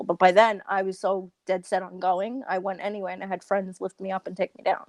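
A woman's voice: medium pitch, level tone, darkish tone, dry recording. A woman from Long Island, a guest in an interview, talking in an earnest, chatty way. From Long Island, New York. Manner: earnest, talkative, with quick laughs. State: uses a wheelchair. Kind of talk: casual interview talk.

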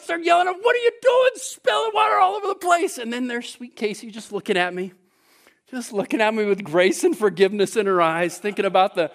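A man preaching a sermon, telling a story with lively asides to the congregation and sudden bursts of raised voice. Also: high voice. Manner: animated storytelling, rises to shouts; conversational asides to the audience. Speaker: pastor.

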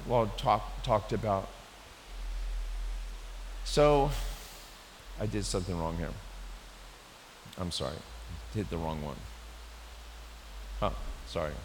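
A man preaching a sermon in a church, in a conversational, animated way with frequent restarts. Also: on the low side. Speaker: pastor. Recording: echoey hall with faint hiss.

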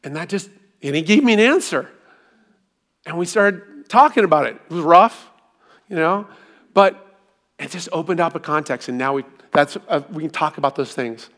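A man delivers a sermon in a relaxed, chatty manner, his voice sitting a little higher than most men's. He poses rhetorical questions to the congregation and slips into humorous personal stories. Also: normal speed. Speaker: pastor.

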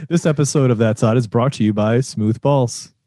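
A man co-hosting a podcast in casual chat, joking and cutting in with quick quips. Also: medium pitch, mellow, no room sound, clean studio sound. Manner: joking, quick interjections, laughs often. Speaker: podcast co-host.

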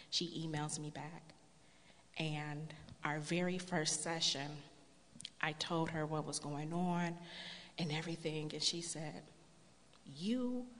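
A woman telling her personal story to a church congregation in an earnest storytelling way, building to a loud, emphatic appeal. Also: deep voice. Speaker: church speaker sharing testimony. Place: church sanctuary. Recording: long hall reverb.

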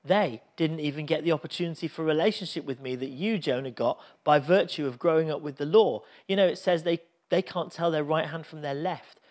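A man's voice: on the high side, fairly quick, few pauses, a little mellow. A man preaching a sermon, telling a Bible story in an earnest, reflective way.

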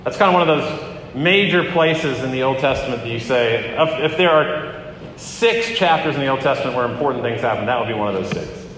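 Male pastor, chatty sermon delivery, plenty of ums and restarts, mid-pitched, big reverberant church hall. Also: a bit bright, slight background noise. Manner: conversational preaching with frequent fillers and restarts. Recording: echoey hall with long reverb.

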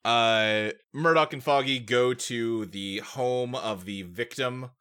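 A man with a bright, forceful voice talks through a film's plot in a relaxed podcast chat. He walks through each scene in detail and breaks into chuckles as he goes. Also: mid-range voice, slow, smooth. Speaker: podcast co-host. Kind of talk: casual movie recap chat.

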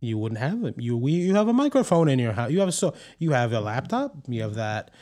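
A man with a cold and a sore throat, ranting excitably about far-fetched conspiracies on a comedic podcast. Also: mid-range voice, fairly quick. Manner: excitable, ranting, earnest mock-conspiracy talk. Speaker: podcast co-host playing a conspiracy theorist. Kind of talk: comedic improvised podcast bit.

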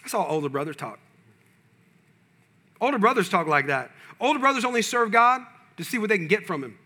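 A male pastor delivers a sermon in a loose, conversational voice, repeating lines for emphasis. His voice sits high. It has a sharp, bright edge. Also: very animated, fairly quick. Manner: preaching with rising intensity, quoting imagined prayers.

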